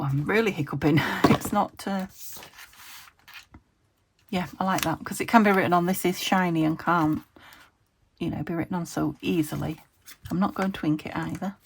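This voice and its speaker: A woman's voice: on the low side, normal speed, gravelly, a little hiss or hum. A woman from the UK chatting casually to camera as she makes a craft, meandering and talking to herself as she works. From United Kingdom. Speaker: crafting video host.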